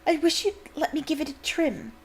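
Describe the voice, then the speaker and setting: A woman's voice: high-pitched, steady tone, brisk, voice pushed up, close to an everyday voice. A woman reading aloud voices a fussy, doting middle-aged witch mother who scolds her grown children. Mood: fussing.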